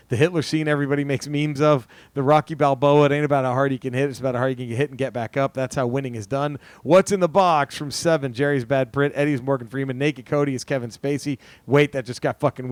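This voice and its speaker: A man's voice: medium pitch, dry recording. A man co-hosting a podcast, reading listener submissions aloud in a crude, jokey way and laughing at them. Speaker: podcast co-host.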